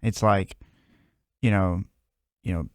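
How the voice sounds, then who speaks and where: Male guest, golf coach, low-pitched, halting casual speech, dry close mic. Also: steady tone, no room sound. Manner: halting, lots of filler phrases. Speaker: podcast guest, golf instructor. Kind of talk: casual business chat.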